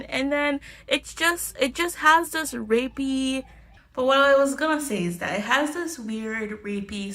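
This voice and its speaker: A young woman vlogging casually about a book she is reading, animated and exclamatory, talking from a small closet. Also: fairly high pitch. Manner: animated, exclamatory, chatty with frequent "like". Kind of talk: casual reading reaction vlog. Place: small closet next to a bathroom.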